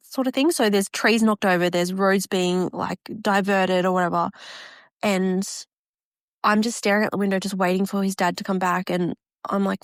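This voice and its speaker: A woman's voice: medium pitch, dry recording, studio quality. A young woman telling a story casually on a podcast, swearing freely and acting out what people said. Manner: swears freely, acts out quotes in other voices. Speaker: podcast co-host.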